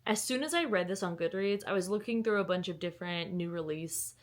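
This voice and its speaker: A woman's voice: on the low side, expressive, fairly quick. A young woman, chatting to the camera at home about books in a giggly, rambling way. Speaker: book vlogger. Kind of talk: casual chat to camera. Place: at home indoors.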